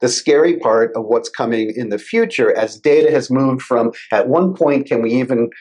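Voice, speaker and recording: A man speaks as a guest in a casual interview. He explains things in a measured, conversational way. His voice sits at a middle pitch. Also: darkish tone. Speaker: guest, cybersecurity lawyer.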